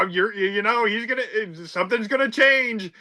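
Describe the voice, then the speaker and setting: A man appearing as a podcast guest, chatting about a film in an animated, exclamatory way. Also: sits high, unhurried. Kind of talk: casual film discussion.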